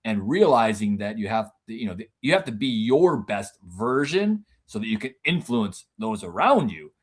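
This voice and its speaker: A man co-hosting a podcast in casual conversation, animated, with his voice leaping up high whenever he acts out what someone else said. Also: moderate pace, breathy edge. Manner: animated, jumps high when quoting others; frequent restarts and repeated words.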